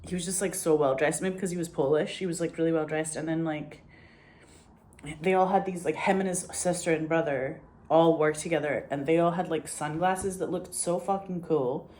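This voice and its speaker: With a steady tone, moderate pace, and slightly mellow low voice, a woman from Scotland tells rambling, casual stories. She swears freely and says "like" constantly.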